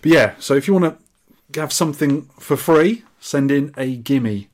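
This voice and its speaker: A man's voice: fairly high pitch, normal speed. A British man co-hosting a podcast, reading listener emails with a dry, teasing humor. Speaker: podcast co-host.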